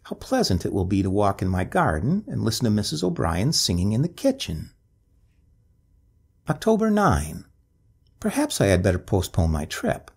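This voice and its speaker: A man's voice: fairly low pitch, huge pitch swings, moderate pace, gravelly, a little mellow, slightly rough. A man reading a ghost story aloud as scripted narration, with a dramatic, swooping delivery.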